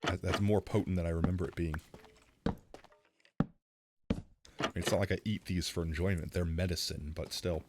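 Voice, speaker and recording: Low-voiced man streaming with a sore throat. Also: level tone, moderate pace, pauses often, noisy background. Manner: rambling, self-deprecating, reacts loudly. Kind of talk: casual live-stream chat while gaming. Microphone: close-up streaming mic.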